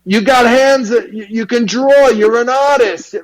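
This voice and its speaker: A man's voice: very high-pitched, unhurried, voice pushed up, poor audio. A man voicing a flamboyant, gushing male beauty school head with a Long Island accent. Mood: insistent. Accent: New York, Long Island. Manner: gushing, excitable, pushy.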